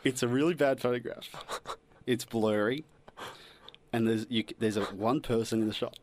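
A man's voice: mid-range voice, moderate pace, a little mellow, a little hiss or hum. A young man hosting a radio show in playful, teasing banter, drawing out suspense. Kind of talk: casual studio banter.

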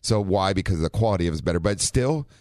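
Deep-voiced male radio host. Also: animated, fast talker, a little mellow, no echo, clean studio sound. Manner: laid-back, agreeable, hesitant fillers. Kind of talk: casual talk radio banter.

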